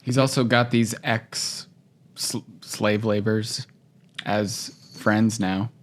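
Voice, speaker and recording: Slow laid-back podcast guy. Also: lowish voice, steady tone. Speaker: podcast co-host. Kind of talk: casual chat.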